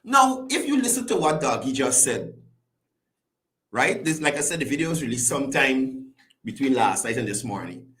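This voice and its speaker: A man's voice: medium pitch, moderate pace, echoey room. A man hosting a commentary show, chatting and greeting viewers by name. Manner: chatty, greets viewers by name, lively rising and falling delivery. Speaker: host. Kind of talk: casual call-in style commentary show.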